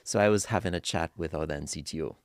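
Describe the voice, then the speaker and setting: A man from Trinidad and Tobago, a podcast guest telling anecdotes in a relaxed, conversational way. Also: low-pitched, quick pace, dry recording, studio quality. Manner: relaxed anecdotal storytelling, agrees often. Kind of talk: casual interview chat.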